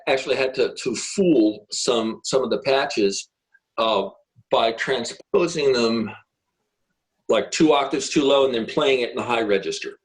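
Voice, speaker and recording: A man's voice: medium pitch, low-quality recording. A middle-aged man, a guest guitarist, telling rambling anecdotes in a casual interview, with many fillers and restarts.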